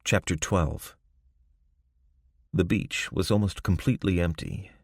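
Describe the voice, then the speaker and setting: A man narrating a crime novel audiobook in a measured, scripted style. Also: deep voice, no room sound, studio quality.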